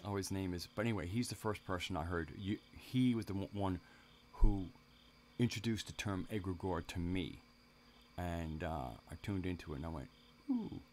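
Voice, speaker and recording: Man, very low voice, rambling live-stream host, restarts, faint hiss, crickets in background. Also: moderate pace, a little mellow. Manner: rambling, many restarts, chats with viewers. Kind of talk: casual live-stream monologue.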